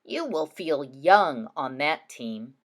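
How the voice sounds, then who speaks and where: A woman's voice: low voice, expressive, takes it slowly, pitched below the performer's own voice. A woman reading as a kindly older neighbor lady. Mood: reassuring.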